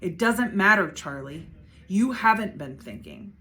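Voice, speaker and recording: A serious, weary father speaks firmly and evenly, read by a woman in a storybook. His words are measured and steady, with a lively voice underneath. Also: mid-range voice. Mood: stern. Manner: firm, measured lecturing. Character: stern tired father, serious and firm.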